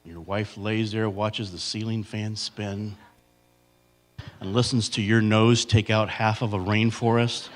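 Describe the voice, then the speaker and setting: A man in his fifties telling comic stories to a church congregation, acting out loud impressions of himself and his wife. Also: fairly low pitch, little pitch movement, a little slow, a little hiss or hum. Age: 50s. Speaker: comedian speaking at church. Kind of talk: comedic storytelling to a congregation. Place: church sanctuary.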